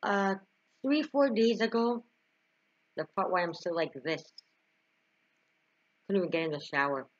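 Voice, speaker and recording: Her medium-pitched voice has a sing-song, unhurried quality with long pauses, and the recording's highs are cut off. She's a young vlogger recounting something personal to camera, emotional and sometimes near tears, laughing and sighing often.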